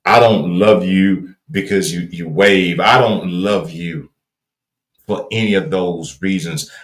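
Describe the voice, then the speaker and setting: A man's voice: takes it slowly, roomy sound. A man from Louisiana with a Southern accent hosting a livestream, giving an earnest, preachy motivational talk with folksy, repeated phrases. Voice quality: deep, folksy, repetitive cadence. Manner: emphatic and earnest, builds to raised emphasis. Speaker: livestream host.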